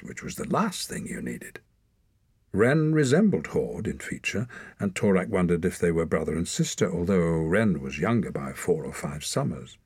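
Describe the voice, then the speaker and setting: Here a husky, deep-voiced man narrates an audiobook from a script, steady and expressive as he tells the tale. There's no echo, and the sound is studio grade.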